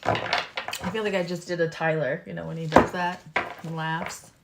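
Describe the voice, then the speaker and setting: A woman hosting a live tarot and astrology reading in a chatty, candid way, swearing freely and now and then dropping into hushed asides. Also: sits low, steady tone, moderate pace, gravelly, heavy background noise.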